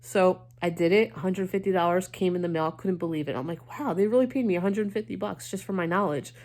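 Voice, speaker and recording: A woman in her thirties talks casually to her viewers. Her voice sits a touch low, and she tells stories in a chatty, animated way, jumping into quoted voices. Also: fairly quick. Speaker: vlogger. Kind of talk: casual chat.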